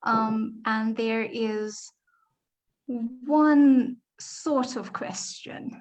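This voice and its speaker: Woman, class moderator, slow-paced, halting delivery, slightly high voice. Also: a little mellow. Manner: hesitant, halting with fillers.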